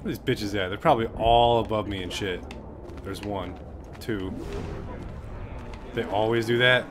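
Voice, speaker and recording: A man's voice: on the low side, a little slow, background noise. Profane, joking gameplay commentator man. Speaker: gaming commentator. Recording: game sounds under voice.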